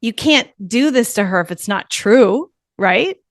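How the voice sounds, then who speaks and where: A woman's voice: a little high, unhurried, no echo. Chatty woman podcast host, dry sound. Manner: animated, chatty, laughs while telling stories. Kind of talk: casual chat.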